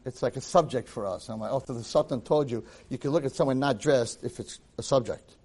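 A man, a rabbi, giving a lively Torah class, acting out quotes and dropping Hebrew phrases into his English. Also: medium pitch, brisk. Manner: animated, acts out quotes and shouts for emphasis. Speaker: rabbi and teacher.

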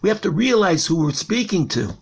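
A man with a high, gravelly voice gives an impassioned Torah lecture as a rabbi. His tone is very husky and rough. He stretches out key words for weight and tells a parable to make his point. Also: sing-song, a little fast. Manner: storytelling with a parable.

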